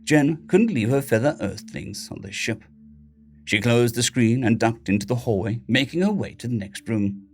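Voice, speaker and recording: A man's voice: medium pitch, animated, normal speed, a little mellow. A man steadily narrating a science fiction short story. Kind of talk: scripted sci-fi story narration.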